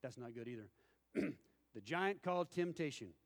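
A man's voice: medium pitch, animated, moderate pace. A man, preaching a sermon and telling folksy stories, acting out the voices of the people in them. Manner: folksy storytelling with acted-out quotes. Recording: long hall reverb.

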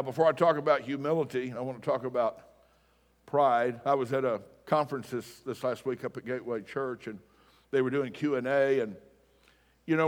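A man preaching a sermon as pastor, telling stories in a casual, self-deprecating way. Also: a little high. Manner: conversational, storytelling, self-deprecating. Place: church sanctuary. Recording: long reverb of a hall.

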